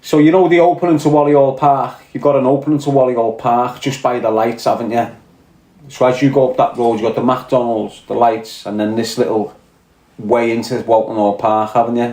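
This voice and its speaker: A man with a Scouse accent and a mid-range, darkish voice hosts a casual podcast live-stream. He rambles and reads out viewer comments, and the room sounds echoey.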